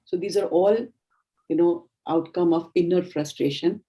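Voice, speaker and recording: A middle-aged woman with an Indian English accent, giving a training lecture in a measured, explanatory way. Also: on the low side, fairly even intonation, mellow. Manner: explanatory, measured, acts out sample dialogues. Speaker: communication trainer.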